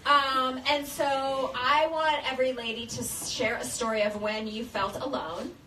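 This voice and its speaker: A woman hosting a chat podcast, talking in a bubbly, animated way. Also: high voice, measured pace, roomy sound, far from the mic, low-quality recording. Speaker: podcast host. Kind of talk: casual chat.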